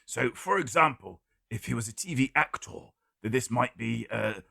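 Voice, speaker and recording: A man hosting a live-streamed guessing game, reading out viewers' guesses and answering them with wry, deadpan jokes. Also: mid-range voice, moderate pace, vocal fry, no room sound, studio quality.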